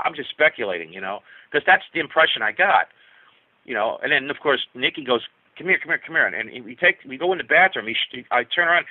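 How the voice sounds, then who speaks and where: A man's voice: medium pitch, no room sound. A male rock musician telling stories as an interview guest, rambling with many restarts. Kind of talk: casual storytelling. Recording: tinny phone-line sound.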